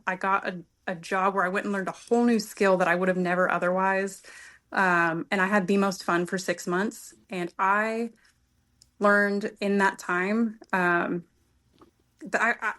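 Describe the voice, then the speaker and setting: A woman's voice: medium pitch, fairly bright tone. A woman guest on a podcast, telling a personal story in an earnest, emotional way and sometimes searching for her words.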